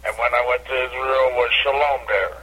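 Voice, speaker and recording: An older man, a comedian, telling animated stories from his career in a casual radio interview over a phone line. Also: fairly quick, breathy edge. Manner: animated anecdote teller, bursts into high catchphrase. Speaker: comedian guest.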